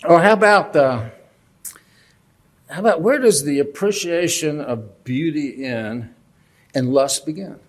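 His voice leans high and animated, unhurried, with long gaps between phrases. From behind a lectern, the Bible teacher chats through his lesson, asking the crowd questions and cracking self-deprecating jokes.

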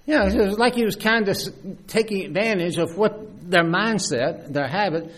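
A man preaching a sermon in a lively, conversational way, with frequent restarts and asides. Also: sits high, measured pace, breathy edge.

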